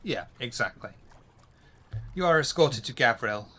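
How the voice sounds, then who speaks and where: A man's voice: mid-range voice, animated, measured pace, bright, forceful tone. A man running a tabletop role-play game as game master, joking with his players. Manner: jokey, tries and drops accents.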